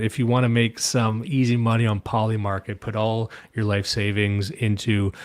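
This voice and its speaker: A Canadian man with a fairly low voice hosts a livestream full of loose, rambling political chat. He swears freely and laughs between points, keeping his delivery casual and meandering.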